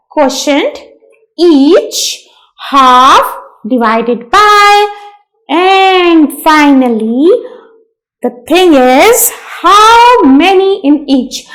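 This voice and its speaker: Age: adult. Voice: very high-pitched woman. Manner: slow, emphatic teacher. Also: fairly bright tone, poor audio. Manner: slow, emphatic, repeats key words; addresses listeners as dear students. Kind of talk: classroom lesson for young children.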